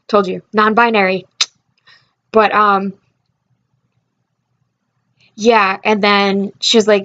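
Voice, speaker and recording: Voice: medium pitch, vocal fry, fairly bright tone, dull audio. A young adult vlogger telling a personal story in casual, heartfelt chat, rambling with fillers and restarts.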